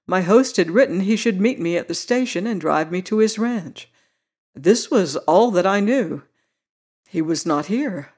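A narrator reading a first-person story in a measured, literary way. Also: mid-range voice, lively intonation, darkish tone, husky. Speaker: audiobook narrator.

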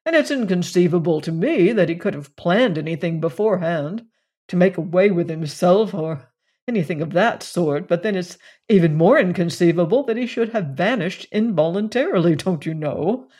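A weary gentleman at his club speaks low but distinctly, never hurrying his words, as the narrator reads him. He sounds drained and puzzled, with a middling pitch. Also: expressive, normal speed, breathy edge. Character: tired clubman telling a strange story, man. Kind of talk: audiobook reading of a story.

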